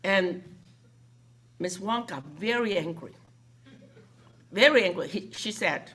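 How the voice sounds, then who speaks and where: A woman, a foundation director, takes her time telling a story to a gathering in a mid-range voice. She's animated and acts out the voices of the people she quotes.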